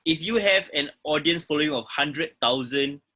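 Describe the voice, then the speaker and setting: A man's voice: a little high, normal speed, sharp tone. A man co-hosting a podcast, frank and rambling with lots of fillers. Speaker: podcast co-host. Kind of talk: casual podcast discussion.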